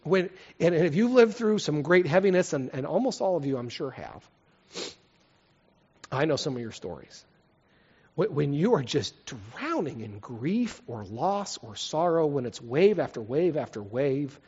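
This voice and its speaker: A man preaching a sermon, reading scripture with passion and then leading a quiet prayer. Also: a little high, sing-song, a little slow, husky. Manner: impassioned, swings from loud dramatic reading to soft prayer. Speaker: pastor. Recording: lo-fi recording with long hall reverb.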